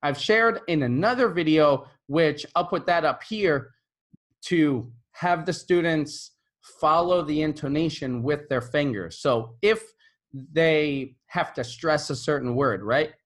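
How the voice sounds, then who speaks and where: A man who is an English teacher, giving teaching tips to camera in a relaxed, conversational way and often checking in with "right?". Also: a little high, slow pace. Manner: models intonation by repeating example phrases.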